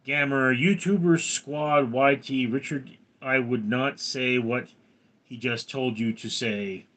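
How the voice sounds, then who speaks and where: A man's voice: mid-range voice, fairly even intonation, takes it slowly, a bit bright. A man hosting a live stream, who reads viewer names from chat and teases them. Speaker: livestream host. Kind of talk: casual live chat reading.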